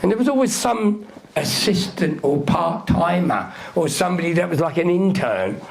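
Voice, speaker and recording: A man's voice: high-pitched, expressive, normal speed, gravelly, slight background noise. A man, telling stories as a guest in a live Q&A. He talks brashly and swears a lot, acting out what other people said. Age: 60s. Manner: profane, brash, acts out quotes of other people. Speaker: interview guest, music figure. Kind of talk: live Q&A storytelling.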